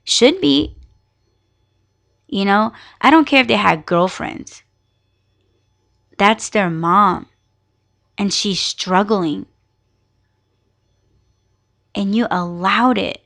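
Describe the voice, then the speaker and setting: A woman's voice: mid-range voice, very slow, gravelly, pauses often, a bit bright. A young woman hosting a podcast, telling a personal family story in a candid, emotional way and swearing freely. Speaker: podcast host.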